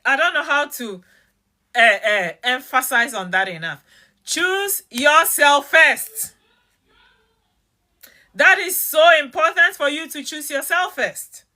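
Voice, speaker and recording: A woman giving a motivational talk, emphatic and direct, repeating key phrases slowly and challenging the listener with questions. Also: high-pitched, sing-song, sharp tone. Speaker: motivational speaker.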